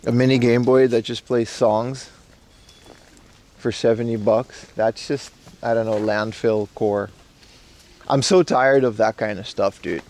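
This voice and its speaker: A low-pitched male streamer with a gravelly, fry-heavy voice, talking to his chat while walking outdoors. He rambles in a loose, slangy way and answers messages as he goes. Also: steady tone, measured pace, long pauses, a little mellow. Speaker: IRL streamer. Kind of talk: casual live-stream chat. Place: outdoors in a park in Japan.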